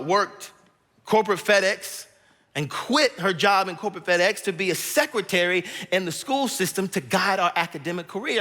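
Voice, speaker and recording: A man's voice: high voice, pushed and bright. A man in his thirties, a guest pastor, telling a personal story in a sermon and acting out his family members' voices. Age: 30s. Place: church auditorium stage. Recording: long reverb from a large auditorium.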